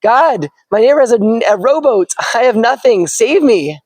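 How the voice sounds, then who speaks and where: A man's voice: high-pitched, animated, a little fast, a little mellow, no echo, voice pushed up. A man voicing a frightened stranded man who pleads in a raised, strained voice. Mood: pleading.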